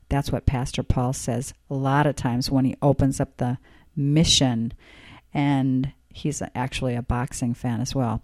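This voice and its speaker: A woman's voice: rumbling low, level tone, measured pace, a little mellow, no room sound, studio quality. A woman hosting a church podcast, chatting in a folksy, rambling way with a morning voice. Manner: chatty, folksy, enthusiastic asides. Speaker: podcast host. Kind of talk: casual rambling podcast chat.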